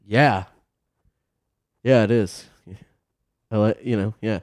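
A man's voice: lowish voice, slow, a little mellow, no room sound. A man guest on a podcast chatting casually, cracking crude jokes and swearing often. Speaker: comedian guest.

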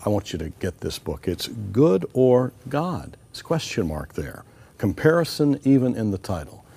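Deep, husky-voiced male talk show host. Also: big pitch swings, normal speed, mellow. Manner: affirming listener, brief interjections.

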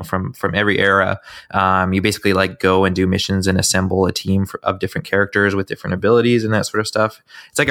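A man's voice: deep voice, a bit bright, no echo, clean studio sound. A man co-hosting a gaming podcast, chatty with stumbling restarts. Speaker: podcast co-host. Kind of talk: casual gaming podcast chat.

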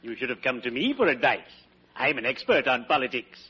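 An actor playing a wisecracking undertaker who trades in morbid puns, with a sly, chuckling delivery in a 1940s radio sitcom. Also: male voice, medium pitch, very animated, brisk, slightly rough, exaggerated voice. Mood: wry. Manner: sly, punning, chuckling at own jokes. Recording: dull old radio recording with loud hiss.

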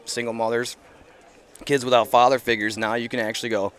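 Chatting as a guest on a podcast recorded outdoors at an event, a middle-aged man speaks a little fast in a smooth, slightly bright, mid-range voice with a level tone. He's sincere but rambling, full of fillers and restarts.

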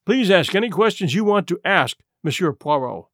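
A man playing a young aristocrat in his twenties, nervous and impulsive, trying to sound firm in an audiobook. The delivery is tense and insistent, with plenty of pitch movement. The recording is dry and close. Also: animated, normal speed, dry recording. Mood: strained. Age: 20s.

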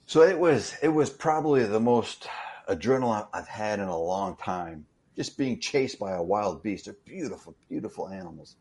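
A man telling a story in casual conversation, animated and full of restarts. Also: lowish voice, normal speed. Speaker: interview guest, stuntman.

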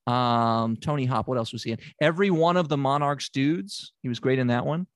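A man's voice: mid-range voice, fairly quick, no room sound. Rambling man playing a hapless therapist. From Tennessee, US. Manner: rambling, hesitant, full of filler words. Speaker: comic playing a fake therapist. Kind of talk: improvised comedy sketch.

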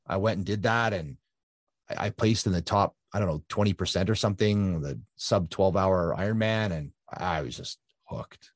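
Man in his 50s, interview guest, rambling animated storyteller, lowish husky voice. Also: normal speed, no echo, studio quality. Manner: animated storyteller with lots of fillers and restarts. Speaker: guest, ultra-endurance triathlete.

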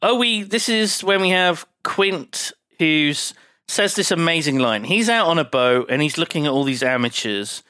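A man's voice: fairly high pitch, animated, normal speed, sharp tone, no room sound. A man co-hosting a podcast, casually retelling a film with plenty of swearing and filler words. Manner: swears freely, rambling with fillers. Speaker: podcast co-host.

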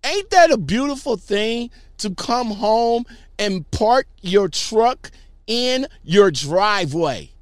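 Slow-talking man reacting to comments. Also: high voice, smooth, no room sound. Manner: rambling, repeats words, emphatic. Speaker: YouTuber reading viewer comments. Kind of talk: casual commentary.

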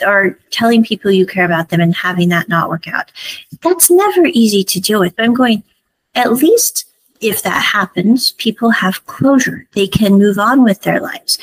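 A woman's voice: mid-range voice, breathy edge, no room sound, poor audio. A woman hosting a podcast, recapping a series episode in a chatty, opinionated way. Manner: chatty and opinionated, full of "I'm like". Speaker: podcast host.

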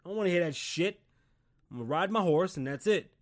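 A man voicing a stubborn old father who loudly scoffs at new things, with a raised, profane delivery. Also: sits high, animated, a little fast, pitched above the performer's own voice. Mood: scoffing.

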